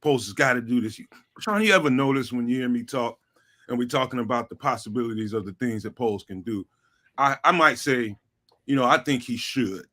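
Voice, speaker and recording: A man guesting on a sports talk show, talking in an animated, slangy way and repeating phrases for emphasis. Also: medium pitch, fairly quick. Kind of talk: casual sports talk chat.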